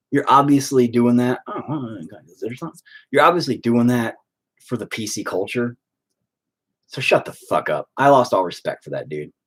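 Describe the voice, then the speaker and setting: A man in his late thirties rants to his viewers, blunt and heavily profane. His voice is husky, with a lively pitch that swings up and down as he talks. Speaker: streamer painting on stream. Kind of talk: casual rant.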